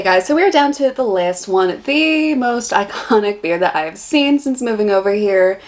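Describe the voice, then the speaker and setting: A young American woman vlogging a casual beer taste test, chatty and blunt in her reactions. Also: medium pitch. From United States.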